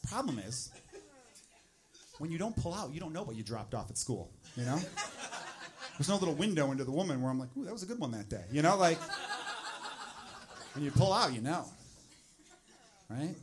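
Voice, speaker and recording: A man in his thirties doing a stand-up comedy set on a club stage, with loud, animated punchlines and acted-out asides. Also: a little high, normal speed, long pauses.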